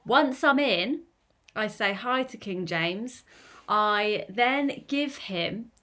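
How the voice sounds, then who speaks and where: A woman, an actor and podcast co-host, pitching a comic scheme in casual chat, giggly and self-interrupting. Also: animated, takes it slowly, sharp tone.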